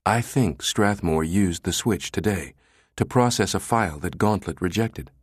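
A man voicing a pushy, fierce middle-aged woman analyst, talking in an insistent, sharp, clipped way. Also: low voice, a little slow, husky, no echo, studio quality.

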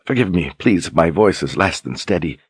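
A demure young duchess who speaks softly and courteously, as a male narrator reads her, flattering and gentle. The voice sits very deep and husky, recorded close and dry with no room sound. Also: brisk, dry recording, heavily acted. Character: young noblewoman duchess, soft-spoken and flattering. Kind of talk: audiobook character reading.

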